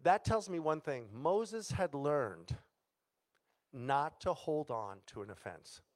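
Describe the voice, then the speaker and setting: A male pastor with a high voice delivers a sermon. He tells the story dramatically and acts out each character's lines, sometimes loud and sometimes dropping almost to a hush. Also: lively intonation, slow.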